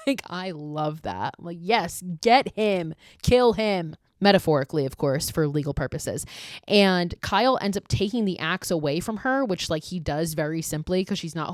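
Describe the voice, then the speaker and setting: Podcast host, woman, low-pitched, profane, filler-heavy film recap, dry close sound. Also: dry recording. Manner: profane, filler-heavy "like", acts out character lines. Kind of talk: casual horror film recap.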